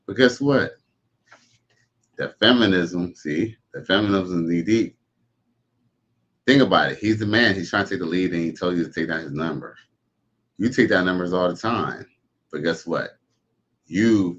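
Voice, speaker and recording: A man's voice: low voice, fairly bright tone, muffled recording. A man hosting a livestream, giving blunt, preachy commentary in a drawling way. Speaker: streamer host.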